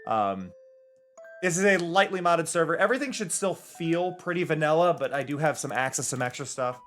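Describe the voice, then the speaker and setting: At home with faint game music in the background, a man livestreams himself building in a game, chatting in an easygoing way into a desk microphone. His voice is a little high and a bit bright, expressive, and fairly quick.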